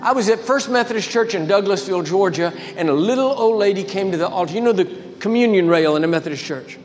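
An older man preaching a sermon as a guest speaker, telling stories with emphatic swings in pitch and volume. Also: fast. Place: large church sanctuary. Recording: reverberant church hall with faint music.

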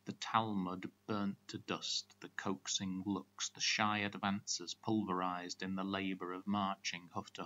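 A man recites spoken word poetry in a measured, rhythmic way. His voice is lowish. The recording sounds dull and lo-fi, with a faint hum beneath it. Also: a bit bright.

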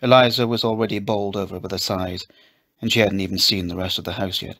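A man reading a children's story aloud, in a gentle, measured storybook narration. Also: sits low, steady tone. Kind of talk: scripted narration.

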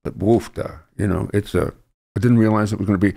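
A man's voice: lowish voice, fairly even intonation, quick pace, vocal fry, mellow. A man, a veteran radio broadcaster, guesting on a podcast, telling rambling emotional stories in casual conversation.

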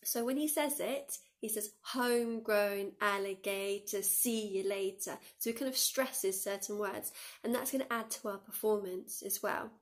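A woman teaching a song to schoolchildren on video, her voice sitting fairly high. She counts the children in and sings short phrases for them to copy, keeping a steady, encouraging tone. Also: normal speed. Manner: encouraging, counts pupils in and demonstrates by singing. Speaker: primary school music teacher. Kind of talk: recorded music lesson for pupils. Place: dim room.

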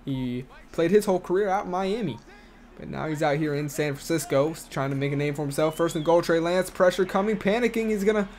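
A man hosting a gaming channel, giving casual play-by-play commentary over a football video game, talking quickly with fillers and restarts. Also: fairly high pitch, darkish tone. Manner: quick play-by-play with filler words and self-corrections.

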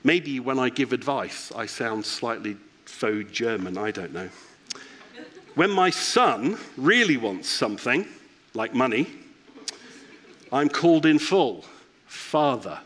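A man's voice: mid-range voice, expressive, slow, a bit bright. A man giving a reflective, personal sermon as a church pastor.

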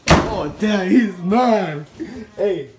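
A woman's voice: mid-range voice, lively intonation, drawn-out words, heavy background noise. A woman filming a prank on her son at home, teasing him and laughing through casual commentary into a handheld phone. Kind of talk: casual home vlog narration. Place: indoors at home.

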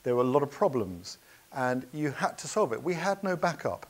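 A man's voice: medium pitch, very animated, moderate pace. A man telling adventure anecdotes in a keynote talk, earnest and anecdotal, with hesitations and restarts. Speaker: speaker.

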